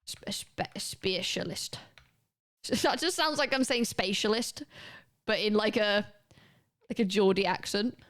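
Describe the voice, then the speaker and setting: A woman's voice: medium pitch, measured pace, long pauses. A woman, chatting casually and rambling as she streams a game, swearing now and then. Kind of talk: casual gaming commentary.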